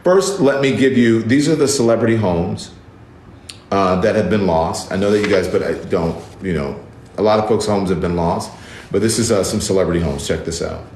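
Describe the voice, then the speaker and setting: A man talks straight to his viewers in casual commentary, indignant and emphatic, hammering the same words again and again. His voice sits a little low, and the room around him rings with a noticeable echo. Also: normal speed, a little mellow. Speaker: news commentator and show host. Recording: roomy echo.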